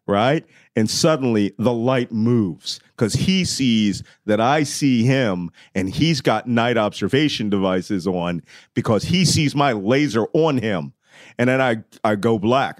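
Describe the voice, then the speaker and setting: A middle-aged man telling war stories as a podcast guest, lively and laughing often as he acts out the dialogue. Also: on the low side, dry recording, studio quality. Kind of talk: animated war storytelling.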